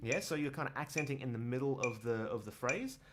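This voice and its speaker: A man teaching bass in a casual livestream, rambling with lots of fillers as he answers questions. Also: fast. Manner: relaxed, rambling, many fillers, counts and scats rhythms aloud. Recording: bass guitar playing behind.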